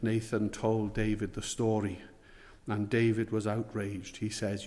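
A man preaching a sermon, earnest and emphatic, slowing down on the words he wants to stress. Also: lowish voice, monotone, darkish tone. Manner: earnest, emphatic, slows for weight. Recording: long hall reverb.

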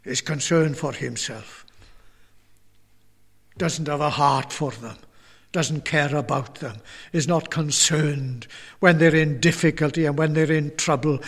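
A man's voice: a little high, unhurried, long pauses, a bit bright, in a large hall. A man from the United Kingdom preaching a sermon in a church, earnest and often repeating words as he builds his point.

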